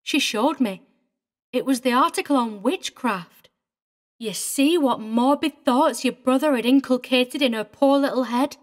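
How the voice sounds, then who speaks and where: Lady voicing a prim teary old governess, fussy precise talk, bit high pitched. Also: unhurried. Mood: earnest. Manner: prim and indignant, fussily precise. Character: prim, tearful older female governess. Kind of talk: audiobook character reading.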